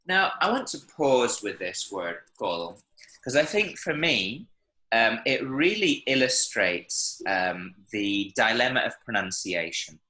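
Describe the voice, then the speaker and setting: This online Spanish teacher has a mid-range, very animated voice with a sharp tone and a measured pace. He encourages students and models pronunciation out loud, heard through a video call in an echoey room.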